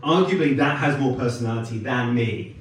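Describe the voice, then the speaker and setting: A British man performing a stand-up comedy set on a club stage, wry and self-deprecating, with quick asides and audience laughter behind him. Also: medium pitch. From United Kingdom. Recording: echoey club room, mic from some distance.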